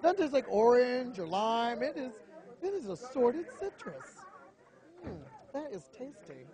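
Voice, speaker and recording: A young man doing a stand-up comedy routine on a club stage, telling stories animatedly and slipping into quick voices. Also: extremely high pitch, a little mellow. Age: young adult.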